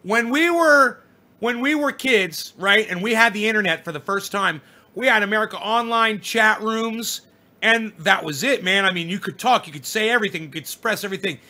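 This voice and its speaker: Man, middle-aged, livestream host, high voice, bright tone, rambling, swearing, answering chat. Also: moderate pace. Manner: profane, rambling, lecturing viewers. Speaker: live streamer reading chat.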